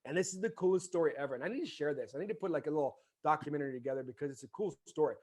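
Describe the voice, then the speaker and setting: On a podcast, a former baseball player in his forties spins a casual story and animatedly imitates the people in it. His delivery is rapid-fire and expressive, in a fairly high voice with a darkish tone.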